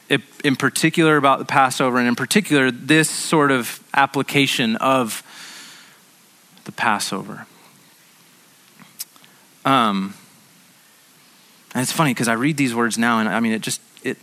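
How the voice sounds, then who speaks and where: A man's voice: medium pitch, sharp tone. A man preaching a sermon as a pastor, in a conversational way that often repeats words as he restarts.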